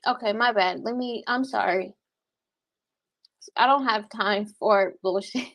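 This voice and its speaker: A woman livestreaming and reading her chat, talking bluntly with lots of cursing and quick laughs. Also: medium pitch, a bit bright, no room sound. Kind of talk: casual livestream commentary.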